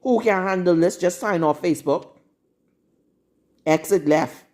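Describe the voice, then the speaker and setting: A woman's voice: on the low side, a little slow, darkish tone. A woman preaching a live-streamed sermon in a blunt, scolding, confrontational manner. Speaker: prophetess.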